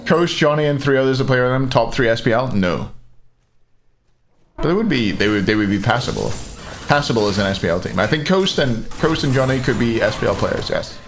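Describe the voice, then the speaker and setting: Joking esports caster. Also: male voice, medium pitch, lively intonation, fairly quick. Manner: jokey, rambling, swears casually. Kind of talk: live game commentary with banter. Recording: faint background noise and clicks.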